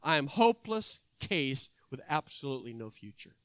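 A man voicing a despairing young male college student who speaks in a low, trembling way. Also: big pitch swings, normal speed, fairly bright tone, no echo. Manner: trembling, self-loathing.

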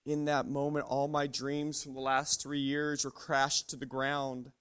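A man playing a remorseful male disciple, telling his denial in a dramatic first-person monologue with hushed, broken pauses. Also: mid-range voice, monotone, clean tone, pitched below the performer's own voice, natural voice.

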